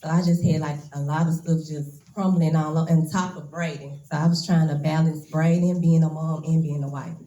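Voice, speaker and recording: A woman's voice: sits low, steady tone, a little fast, few pauses, mellow, reverberant, low-quality recording. A woman in her twenties gives a nervous, emotional, casual speech as a braider at a hair shop event. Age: 20s.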